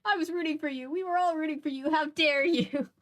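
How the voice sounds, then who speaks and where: Woman putting on a yelling mom, furious and scolding, higher and louder than her own reading voice. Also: steady tone, fairly quick, natural voice. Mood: indignant. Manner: yelling, indignant. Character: furious middle-aged mother scolding her daughter.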